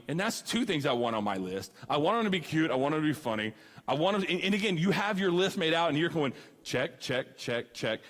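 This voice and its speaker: Upbeat youth preacher, man, high voice, lively storyteller, big reverberant hall. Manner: animated storyteller, acts out dialogue. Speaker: student ministry speaker. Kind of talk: youth sermon with comic stories. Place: church hall.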